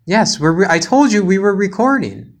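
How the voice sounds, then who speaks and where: A man's voice: high-pitched, sing-song, normal speed. A man hosting a casual podcast, joking and telling playful stories. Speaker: podcast host.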